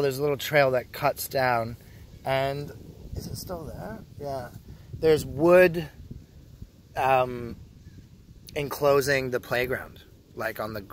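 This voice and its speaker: Bright-voiced joking man outdoors. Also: medium pitch, slight background noise. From Canada. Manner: joking, teasing, swears freely. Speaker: vlogger. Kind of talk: casual rambling monologue to camera. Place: outdoor park.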